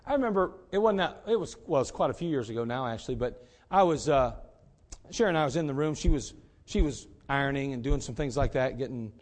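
A man's voice: mid-range voice, lively intonation, fast. A middle-aged man, a pastor, preaching emphatically and telling a story. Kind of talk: sermon.

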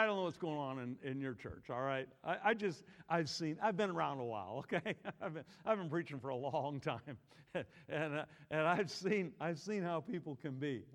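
A man preaching a sermon in a church, swinging from quiet asides to shouted excitement and acting out Bible figures in voices. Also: high voice, big-room sound. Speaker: pastor.

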